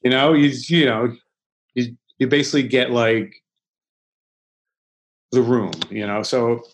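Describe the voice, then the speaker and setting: A man's voice: medium pitch, rough recording. Rambling man. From Philadelphia, United States. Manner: rambling, many restarts, swears freely, acts out quotes. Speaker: chef and interview guest. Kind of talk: casual storytelling in a podcast interview.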